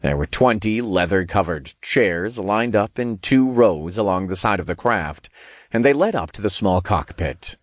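A man narrates a first-person fantasy audiobook in a low voice with a lively, swinging melody. His delivery is casual and wry, with the odd swear, recorded dry and close. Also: unhurried, dry recording.

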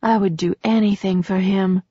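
A woman's voice: medium pitch, fairly even intonation, moderate pace, mellow, breathy edge, dry recording, natural voice. A woman voicing a heartbroken young woman who pleads tearfully for her lost lover, in a storybook reading. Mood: desperate. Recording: slightly dull dry recording.

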